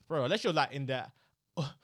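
Fast-talking young London man. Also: medium pitch, dry recording, clean studio sound. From Nigeria and London. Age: young adult. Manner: storytelling, animated and slangy. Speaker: podcast co-host. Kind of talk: casual chat.

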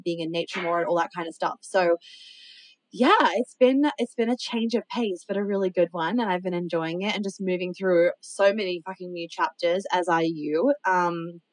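A woman's voice: on the low side, no echo, poor audio. A woman co-hosting a podcast in casual chat, talking freely with frequent swearing and laughs. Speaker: podcast co-host. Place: home in the American South.

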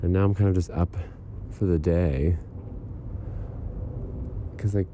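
A young man speaking a relaxed, meandering audio diary outdoors on a fire escape in the morning. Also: deep voice, slow pace, a little hiss or hum. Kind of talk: casual personal audio diary.

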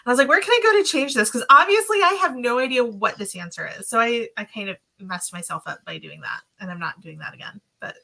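Woman co-host, gravelly and bright voice, chatty and reflective. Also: mid-range voice, expressive, quick pace, few pauses, low-quality recording. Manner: chatty, many fillers, reflective. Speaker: podcast co-host. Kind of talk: casual discussion.

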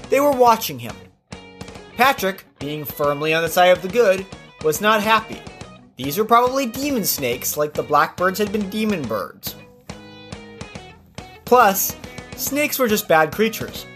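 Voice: mid-range voice, sing-song, unhurried, long pauses, a bit bright, soft background music. Casual podcast storyteller with offhand asides. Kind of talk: storytelling narration.

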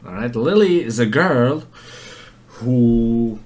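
A man's voice: mid-range voice, lively intonation, takes it slowly, a little mellow. A man hosting a casual solo podcast, rambling and swearing with lots of fillers and restarts. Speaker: podcast host. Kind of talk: casual monologue.

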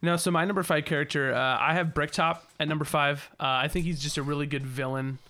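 Bright-voiced man chatting casually. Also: on the high side, fairly even intonation, fast talker. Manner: laughing, loose and rambling. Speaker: podcast co-host. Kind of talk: casual chat.

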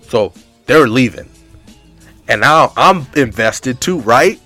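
Young adult man, mid-pitch, casual comic storyteller who rambles and piles on filler words. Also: slow pace, no echo, soft background music. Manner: rambling, animated, heavy use of filler words.

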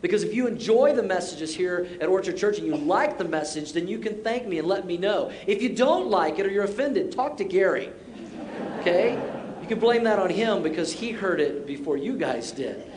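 A middle-aged male pastor delivers a sermon in a high, light voice, chatty and self-deprecating, stacking short exhortations. The sound is roomy, picked up from a stage mic in a church sanctuary. A faint low rumble sits underneath. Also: darkish tone.

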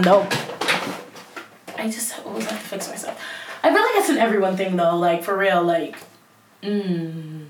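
A woman's voice: medium pitch, roomy sound, far from the mic, rough recording. A young woman hosting a casual solo podcast, rambling and self-mocking with lots of fillers, on a headset mic. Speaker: podcast host.

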